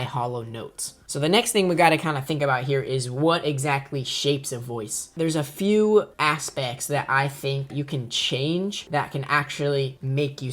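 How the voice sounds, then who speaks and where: Young man casually teaching voice tricks. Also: medium pitch. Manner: informal, chatty, explains step by step. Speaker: voice tutorial creator. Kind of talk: casual spoken tutorial.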